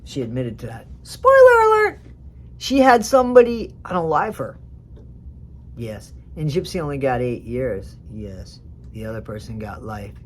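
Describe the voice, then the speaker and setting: Casual gossip vlog commentary, blunt, rambling, loud bursts and quiet asides, mid pitch. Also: lively intonation, a little fast, few pauses.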